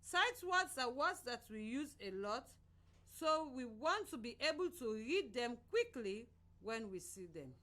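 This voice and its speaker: A woman from Sierra Leone teaching a children's reading lesson on the radio in a slow, clear, sing-song voice. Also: on the high side, big pitch swings, sharp tone.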